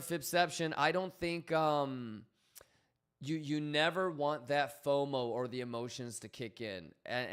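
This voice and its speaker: A man hosting a casual livestream, energetic and profane, joking with his chat and coaching them with lots of repetition. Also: on the high side, smooth. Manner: coaching, repeats himself. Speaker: livestream host.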